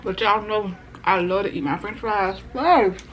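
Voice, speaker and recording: A woman's voice: mid-range voice, unhurried, dull audio, background noise. A woman food vlogger in casual mukbang chat, talking to viewers between bites.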